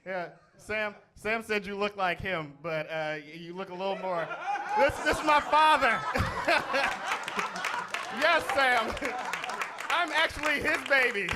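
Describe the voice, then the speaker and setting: A man's voice: sits high, unhurried, very noisy. A man hosting a comedy show, laughing and teasing the crowd before introducing the next act. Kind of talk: emcee banter. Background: audience in a club.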